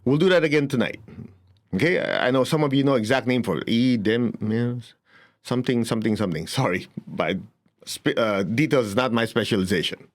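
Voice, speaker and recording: A man's voice: mid-range voice, brisk. A man teaching a spiritual class, telling stories with frequent chuckles and acting out the people he quotes. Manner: animated storytelling, chuckles often, acts out quotes.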